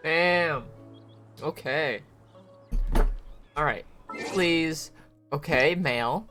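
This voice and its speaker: A man streaming his gameplay live, talking in an unhurried, drawn-out way. He rambles and swears freely, grumbling at the game between loose asides. Soft music plays quietly behind him. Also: medium pitch. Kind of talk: casual live-stream chat while gaming.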